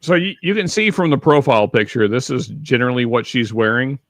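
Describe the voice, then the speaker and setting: Man, casual podcast chat, mid-pitched voice, halting and rambling, stacks of fillers and restarts, dry close-miked sound. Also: lively intonation, no echo. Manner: reads viewer chat aloud. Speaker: podcast co-host.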